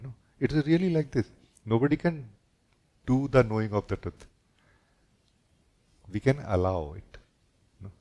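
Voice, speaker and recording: A man, a spiritual teacher, giving a gentle and reflective satsang talk, often closing his sentences with a questioning "no?". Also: fairly low pitch.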